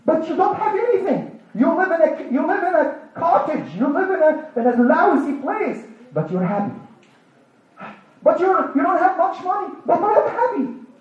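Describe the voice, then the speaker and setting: A male preacher giving an interactive sermon, animated, asking the audience questions and then answering them himself. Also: very high voice, moderate pace. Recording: echoey hall, distant dull mic.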